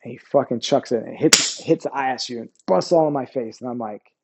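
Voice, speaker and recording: His voice is husky, medium in pitch, and a little fast. A guest who served in the Army, now in his forties, shares war stories in a candid interview, swearing, drifting off track, and often asking "you know what I mean."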